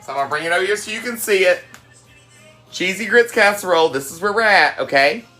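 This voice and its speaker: Southern woman, South Carolina twang, bright tone, chatty cooking-stream host who laughs a lot. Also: medium pitch, expressive, fast talker, faint music behind. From South Carolina, USA. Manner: chatty and folksy, laughs often, greets viewers warmly. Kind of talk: casual chat while cooking live.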